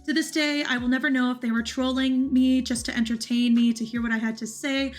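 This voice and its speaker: A woman's voice: sits high, fairly even intonation, a little fast, soft background music. A woman hosting a gaming video, giving an earnest, cautionary voice-over about gameplay clips.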